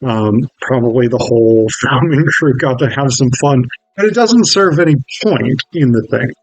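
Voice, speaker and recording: A man's voice: mid-range voice, lively intonation, moderate pace, dry recording, poor audio. A man reviewing a film in a casual, wry video essay, swearing freely as he talks.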